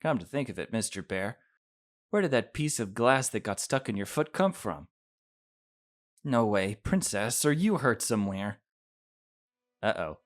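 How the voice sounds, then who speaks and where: Man reading an anxious, protective companion in a storybook game, lowish voice. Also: big pitch swings, a little slow, pauses often. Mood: alarmed.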